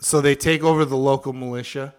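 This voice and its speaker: A man's voice: medium pitch, steady tone, brisk, clean tone. Crude slangy male storyteller. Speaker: podcast host. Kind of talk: casual storytelling chat.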